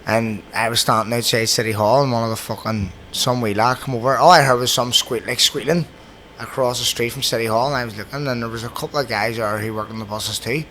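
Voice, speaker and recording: A Belfast man hosts a casual podcast and rattles through his stories at a rapid clip, swearing at every turn. His pitch sits in the ordinary middle for a man, and a faint hum of room ambience lingers behind him. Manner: swears constantly, animated anecdotes. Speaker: podcast host. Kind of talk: casual storytelling chat.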